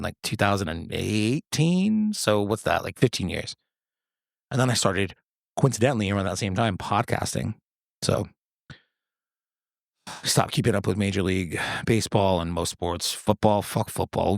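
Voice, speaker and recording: A man's voice: gravelly, dry recording, clean studio sound. A man in his thirties hosting a podcast, chatting casually in a rambling, profane, jokey way. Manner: rambling, profane, jokey storytelling with sudden high-pitched quoted voices. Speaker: podcast host. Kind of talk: casual solo chat.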